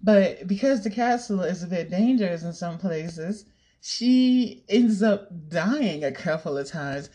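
A woman's voice: lowish voice, animated, a little slow, mellow. A young woman chatting casually to camera, rambling, giggling and swearing now and then. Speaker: vlogger. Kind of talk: casual chat.

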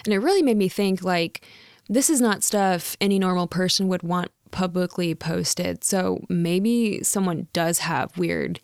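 A woman's voice: fairly low pitch, unhurried, vocal fry, smooth, no echo, studio quality. A young woman, a real estate agent, telling a story in a casual vlog, chatty with lots of fillers and frequent laughs.

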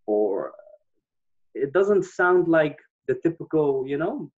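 A man's voice: a little high, sing-song, slow. A man with a Dutch accent chatting casually, hesitant and searching for words with many fillers. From Netherlands. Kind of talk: casual chat. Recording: dull lo-fi sound.

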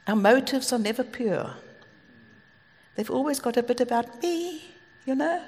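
A woman's voice: sits high, expressive, measured pace, darkish tone. A South African woman preaching a sermon, telling stories earnestly with asides. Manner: earnest, storytelling, with asides and light laughs. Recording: long hall reverb.

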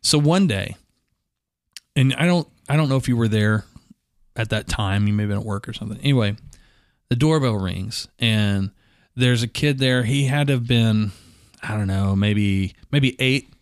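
A man's voice: fairly low pitch, moderate pace, smooth, no room sound, clean studio sound. Laughing, self-mocking man telling stories. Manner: self-deprecating, laughs often through his stories. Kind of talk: casual storytelling chat.

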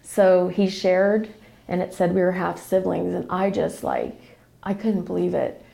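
Woman with a gravelly voice rambling through a family story, lots of restarts. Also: fairly low pitch, sing-song, a little slow, dark tone. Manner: emotional, rambling, many restarts. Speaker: guest sharing a family story. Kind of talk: casual storytelling.

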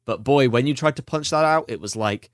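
A podcast co-host, a man with a mid-range voice, tells stories animatedly and fairly quickly in casual podcast chat. The recording is dry and of studio quality.

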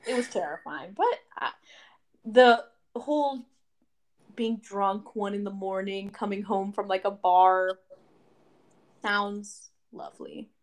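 A young woman co-hosting a podcast in casual chat, animated, swearing freely and acting out quotes. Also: medium pitch, takes it slowly, long pauses. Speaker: podcast co-host.

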